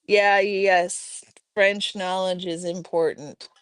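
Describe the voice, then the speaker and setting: A woman talks casually to her stream chat from home, reading out viewer messages as she goes. Her voice is slightly low and smooth, with an unhurried pace. The sound is close and dry. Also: no echo. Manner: relaxed, reads chat aloud, chatty asides. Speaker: livestream host.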